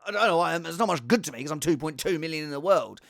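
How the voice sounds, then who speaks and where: A man's voice: on the high side, animated, fast, vocal fry, a bit bright, dry recording, clean studio sound. A man chatting casually on his own as a fantasy football vlogger, rambling with restarts and asides. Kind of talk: casual solo chat.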